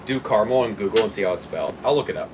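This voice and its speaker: A man's voice: on the low side, lively intonation, very fast, far from the mic, background noise. A young man streaming live, ranting to his chat in a casual, incredulous way and laughing as he goes.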